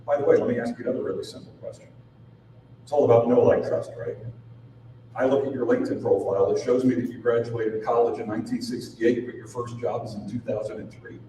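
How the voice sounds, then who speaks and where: In a large room before an audience, a man gives a punchy live sales training talk full of rhetorical questions. His mid-range voice is steady and dark in tone, and he talks fast; the recording is very echoey, from a distant mic, with background noise.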